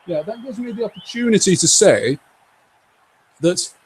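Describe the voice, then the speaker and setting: A man hosts a live game stream in a chatty, joking way, reading out viewer comments as he plays. His voice sits a little high, with a faint hiss of noise behind him. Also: animated, normal speed, rough recording.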